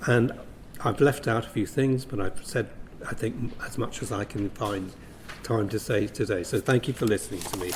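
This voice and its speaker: A man giving a business briefing presentation, measured and full of ums and self-corrections. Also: fairly low pitch, slight background noise. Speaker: briefing speaker on investment.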